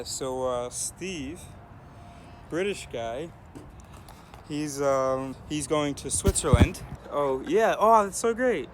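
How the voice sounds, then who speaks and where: An American man talking casually to the camera while hitchhiking, thinking aloud with many fillers. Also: mid-range voice. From United States. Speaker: hitchhiking vlogger. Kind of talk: casual vlog talk to camera. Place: outdoors by a road and in a vehicle. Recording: noisy outdoor and traffic background.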